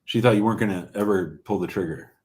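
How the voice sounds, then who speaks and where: A man's voice: lowish voice, fast, darkish tone. A man hosting a live call-in show, giving blunt, plain-spoken immigration advice to callers and viewers.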